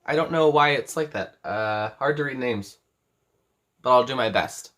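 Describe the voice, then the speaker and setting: A man's voice: medium pitch, normal speed, fairly bright tone. An eighteen-year-old man hosting a live craft stream from his bedroom, rambling, correcting himself and reading chat messages aloud. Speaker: crochet livestream host.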